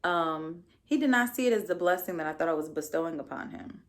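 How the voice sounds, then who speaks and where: A woman's voice: lowish voice, lively intonation, a little fast. A young adult woman hosting her own podcast, giving a casual solo recap in a sassy, blunt and profane way with playful asides. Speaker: podcast host.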